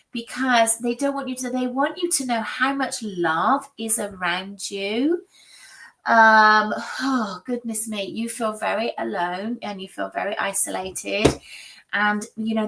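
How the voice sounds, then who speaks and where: A woman's voice: mid-range voice, a bit bright, recorded from a distance, rough recording. A British woman streaming psychic readings, chatty and emotional, often restarting her sentences. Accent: British English.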